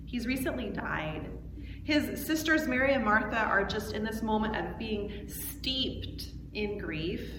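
A woman pastor giving a sermon and reading scripture aloud with earnest, expressive emphasis. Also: on the high side, measured pace. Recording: echoey hall with long reverb, background noise.

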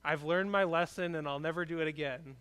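A male pastor gives a relaxed, conversational sermon in a church, earnest and plain-spoken. His voice is smooth and resonant and sits a little high, and he often circles back over his own words before going on. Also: a little fast. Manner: conversational, earnest preaching with frequent restarts.

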